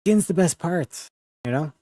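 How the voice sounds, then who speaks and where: A man's voice: fairly high pitch, animated, a little slow, warm tone, no room sound, clean studio sound. Rambling man chatting on a stream. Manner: rambling, slangy, peppered with "bro" and "you know what I mean". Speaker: livestream host. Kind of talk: casual chat.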